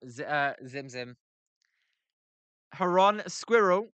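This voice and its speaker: Unhurried and on the high side, this chatty British man has a bright, clear voice recorded with no echo. As a livestream host reacting to a baseball game, he reads chat aloud, banters with viewers, and jokes about pronunciations.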